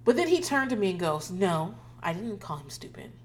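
A woman's voice: mid-range voice, very animated, brisk. A woman, a mother, casually telling family stories, laughing often, swearing, and acting out quoted voices. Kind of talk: casual storytelling monologue.

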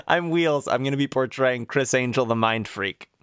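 A man playing in a tabletop role-playing podcast, recapping events deliberately with occasional chuckles. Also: medium pitch, a bit bright, smooth, no echo, studio quality. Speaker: player.

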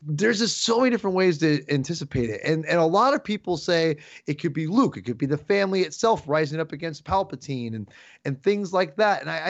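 Excitable rambling man, dull dry sound. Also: sits high, no echo. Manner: excitable, rambling with many restarts. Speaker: podcast guest. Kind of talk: casual chat.

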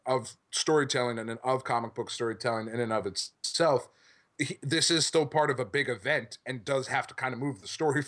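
A man hosts a podcast with relaxed, rambling enthusiasm, cursing casually as he talks. His voice sits at an ordinary middle pitch. He sounds at ease and chatty. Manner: enthusiastic, rambling, swears freely. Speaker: podcast host. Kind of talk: casual chat about comics.

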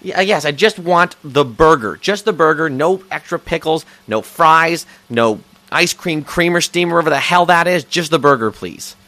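A man's voice: a little high, expressive, normal speed, hardly any pauses, pushed and bright. A man playing an exasperated, incredulous drive-thru customer in a comedy sketch. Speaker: sketch actor.

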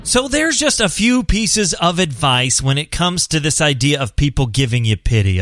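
A man's voice: fairly high pitch, big pitch swings, moderate pace, few pauses, fairly bright tone, no echo. A blind man, a parent, talking casually to visually impaired viewers, earnest and encouraging, often repeating a point for emphasis. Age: adult, parent of a son. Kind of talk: casual advice monologue.

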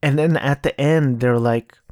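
Slow-talking rambling man. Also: mid-range voice, fairly even intonation, darkish tone, dry recording, clean studio sound. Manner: rambling, self-correcting, mocking impressions. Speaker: podcast host. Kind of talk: casual solo podcast talk.

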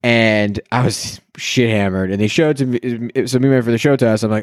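A man's voice: mid-range voice, quick pace, few pauses, no room sound, clean studio sound. A man co-hosting a casual chat, telling stories with lots of laughter and silly voices. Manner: laughing, animated storyteller doing silly voices. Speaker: podcast co-host.

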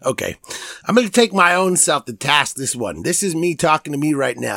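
A man hosting a podcast, loudly mocking and cursing through a comedic sports rant. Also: fairly high pitch, very animated, brisk, creaky, no echo, clean studio sound. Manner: loud, mocking, profane ranting. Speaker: podcast host.

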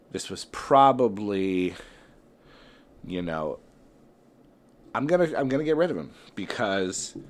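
A man hosting a solo wrestling tournament bracket show, thinking aloud in casual talk with lots of fillers and restarts. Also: fairly low pitch.

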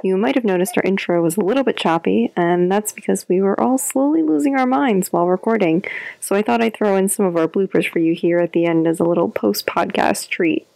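A woman's voice: mid-range voice, brisk, vocal fry, darkish tone, no echo. A young adult woman hosting a sibling podcast, cheerfully speaking to listeners and joining the banter. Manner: cheerful, addresses listeners directly. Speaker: co-host.

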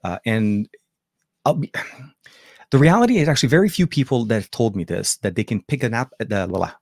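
A man's voice: mid-range voice, expressive, fairly quick, a little mellow, dry recording, studio quality. A man from Lebanon hosting a tech show, chatting casually and answering viewer questions with many fillers and restarts. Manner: rambling, lots of fillers and restarts.

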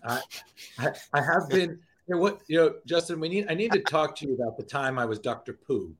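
A man's voice: on the high side, expressive, a little fast, fairly bright tone. A man co-hosting a podcast in casual chat, rambling and emotional, often restarting his sentences. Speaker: podcast co-host.

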